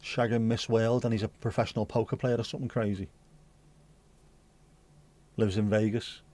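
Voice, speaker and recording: A man's voice: lowish voice, little pitch movement, moderate pace, a little mellow. A man hosting a casual pub-style livestream, chatting and joking with mild swearing and reading news bits aloud. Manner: reads news excerpts aloud conversationally. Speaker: livestream host.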